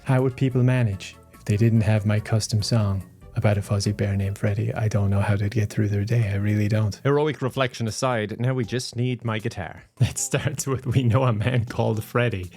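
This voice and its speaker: A man's voice: lowish voice, fairly even intonation, moderate pace, a little mellow, soft background music. A young man and YouTuber talking casually to camera at home, rambling and self-mocking, laughing often. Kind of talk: casual vlog talk to camera. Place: at home, indoors and outdoors. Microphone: phone camera.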